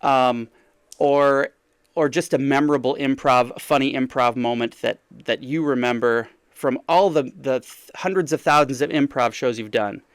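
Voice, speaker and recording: A man's voice: medium pitch, moderate pace, smooth, no room sound, clean studio sound. A man hosting a podcast in casual chat, talking in a rambling, hesitant way with many restarts. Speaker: podcast host.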